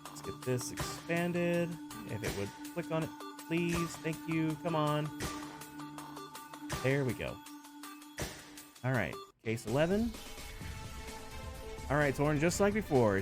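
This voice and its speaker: A man streaming live, playing host of a game-show game with playful, animated patter. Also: on the high side, a little slow, long pauses. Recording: stream with music playing behind. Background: background music.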